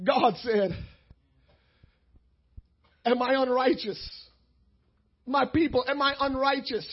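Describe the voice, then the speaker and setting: A middle-aged male pastor preaching a sermon, swinging from quiet talk to shouting, his voice breaking with emotion. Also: extremely high pitch, slow pace, muffled recording.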